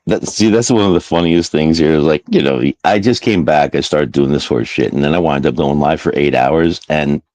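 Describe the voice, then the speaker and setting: A man hosting a livestream in loose casual chat, rambling through stories with frequent laughter and casual swearing. His voice is very low. The recording is dry and close, without room echo. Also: normal speed, hardly any pauses, a little mellow. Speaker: livestream host.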